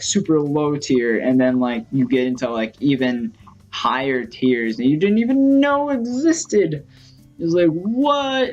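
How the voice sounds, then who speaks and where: A man in the middle pitch range tells a story casually for his vlog, rambling and excitable, with fillers all through. The recording sounds a little dull and lo-fi, and faint music plays underneath. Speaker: gaming vlogger.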